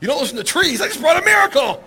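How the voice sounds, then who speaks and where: A man voicing an old sage who shouts out in frustration. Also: very high voice, very animated, rapid-fire, voice pushed up, full character voice. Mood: desperate. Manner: shouting, pleading. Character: frustrated great old male sage, insistent.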